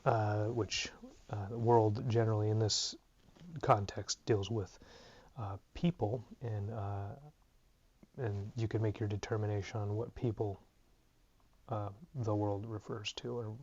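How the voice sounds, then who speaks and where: Tired, low-voiced man thinking aloud. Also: little pitch movement, a little slow, a little mellow, breathy edge. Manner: casual, thinking aloud with many fillers. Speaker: Greek teacher. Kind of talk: unscripted lesson. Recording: dull lo-fi recording.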